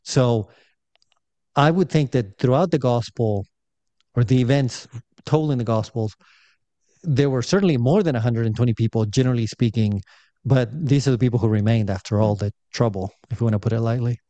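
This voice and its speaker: A man explaining scripture calmly in a casual group talk. His voice is mellow and warm, and it is recorded dry and close. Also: medium pitch, no room sound, lo-fi sound. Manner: measured, explanatory.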